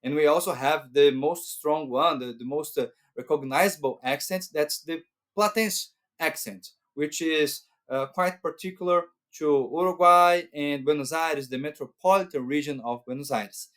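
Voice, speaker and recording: A man's voice: on the high side, moderate pace, fairly bright tone. A man, hosting an educational talk to camera and explaining patiently, often checking in with "right?". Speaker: channel host.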